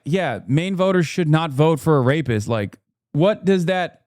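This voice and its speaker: High-voiced man ranting on stream. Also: lively intonation, moderate pace, darkish tone, dry recording, clean studio sound. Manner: profane, incredulous, ranting. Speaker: streamer reacting to news. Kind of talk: live-stream political commentary.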